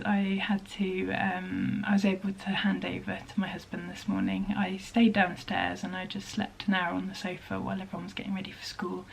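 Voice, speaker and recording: A woman chatting casually in a home vlog about her sewing, speaking softly and often half-whispering, with many hesitant ums. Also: medium pitch, completely flat delivery, moderate pace, gravelly, hardly any pauses, a little hiss or hum, rough recording. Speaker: vlogger and maker of teddy bears. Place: home workspace at a sewing desk.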